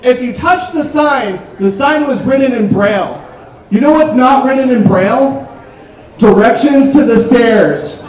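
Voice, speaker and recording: A man doing a stand-up set, telling dark jokes in a deadpan way with frequent ums, on a restaurant comedy stage. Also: very high voice, unhurried. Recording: roomy club, distant mic, crowd noise. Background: audience laughter.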